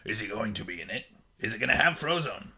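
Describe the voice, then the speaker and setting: A man doing a gravelly, bright jovial pirate captain. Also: on the low side, expressive, quick pace, heavily acted. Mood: chatty. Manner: peppers talk with pirate "aye" and "yar". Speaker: podcast co-host. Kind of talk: costumed casual chat.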